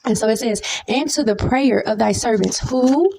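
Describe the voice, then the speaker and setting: Jeune prédicatrice, accent du Sud des États-Unis, ton familier, monte haut dans l'aigu quand elle insiste, ponctue de « okay ? ». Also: female voice, moderate pace, creaky, slight background noise. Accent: Southern US. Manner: lively, says "okay?" often, leaps high when stressing a point. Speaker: preacher. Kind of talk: informal Bible teaching.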